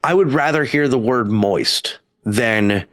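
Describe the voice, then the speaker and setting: A man co-hosting a podcast, telling excitable personal stories in casual chat. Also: medium pitch, takes it slowly, no room sound. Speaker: podcast co-host.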